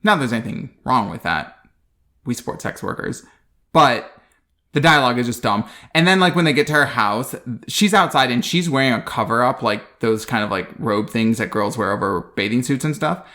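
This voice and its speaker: Dry, sarcastic man with a lively voice. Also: mid-range voice, a little fast. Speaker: podcast co-host. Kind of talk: casual comedic movie recap.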